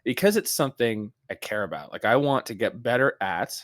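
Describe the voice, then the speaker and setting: A man co-hosting a podcast in casual chat, telling stories in an animated way with lots of restarts and fillers. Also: medium pitch, fairly quick, no echo, clean studio sound. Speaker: podcast co-host.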